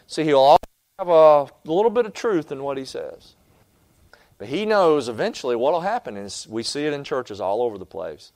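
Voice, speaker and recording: A male pastor delivering a sermon, building to loud challenges and then dropping to quiet remarks. His voice is smooth and resonant and sits slightly high. He talks to the congregation in a plain, direct way. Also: lively intonation, normal speed. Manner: fiery preaching with big swings from shouting to quiet.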